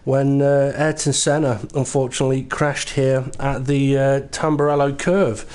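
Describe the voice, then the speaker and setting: A man hosting and commentating a sim racing broadcast, setting the scene in an unhurried, explanatory way. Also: mid-range voice, flat delivery, a little mellow, smooth. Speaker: lead commentator.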